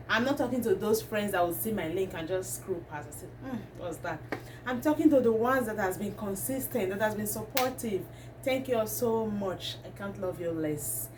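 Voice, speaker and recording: Indignant woman vlogger. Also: medium pitch. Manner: indignant, ranting commentary. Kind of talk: talking to camera. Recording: distant mic, faint background noise.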